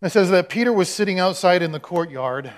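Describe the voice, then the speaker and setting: Male pastor, sermon, slightly high voice, storyteller who acts out the quotes. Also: animated, a little fast. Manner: conversational storytelling, acting out quotes.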